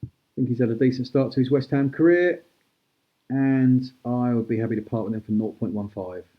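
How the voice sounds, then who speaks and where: A man hosting a live-stream auction, chatty and brisk as he calls out prices and thanks bidders. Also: mid-range voice, phone-quality sound. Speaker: host auctioning cards.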